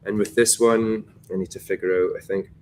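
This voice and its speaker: Scottish brand ambassador, low register, easygoing rambling tasting talk. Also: male voice, steady tone, fairly quick, darkish tone, a little hiss or hum. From Scotland. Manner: chatty, rambling with restarts and fillers. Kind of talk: casual tasting chat.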